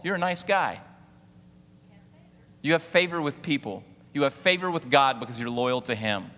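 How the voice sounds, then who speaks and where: A male pastor in his forties delivers a sermon, peppering the congregation with rhetorical questions and asking them to repeat after him. His voice is bright and forceful. A long reverb trails after each phrase, as in a large church hall. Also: a little high. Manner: preaching with rhetorical questions and call-outs to the congregation.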